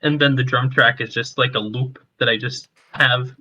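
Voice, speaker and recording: A man co-hosting a podcast, talking haltingly about making his own music. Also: medium pitch, steady tone, pushed and bright, slight background noise. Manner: hesitant, searching for words. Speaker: musician and co-host. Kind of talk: casual podcast chat.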